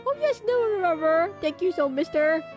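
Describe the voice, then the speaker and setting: A woman's voice: extremely high pitch, expressive, moderate pace, a little mellow, faint music behind, pitched above the performer's own voice. A woman voicing a polite young schoolgirl character in a game with an exaggerated mock French accent. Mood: grateful.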